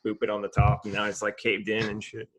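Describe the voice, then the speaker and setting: A man's voice: fairly low pitch, completely flat delivery, fast talker, a bit bright, a little hiss or hum. A man in casual chat with friends, laid-back and swearing casually.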